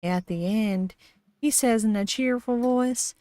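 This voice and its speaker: A woman's voice: medium pitch, takes it slowly, darkish tone, dry recording. A woman streamer casually reading a horror story aloud, giggly, with frequent laughs and dry asides.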